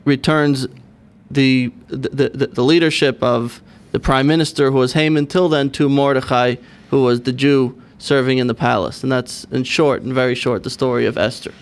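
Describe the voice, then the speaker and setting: A man, a rabbi, guesting on a radio show, explaining earnestly with many pauses and fillers. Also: mid-range voice, fairly even intonation. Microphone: studio microphone.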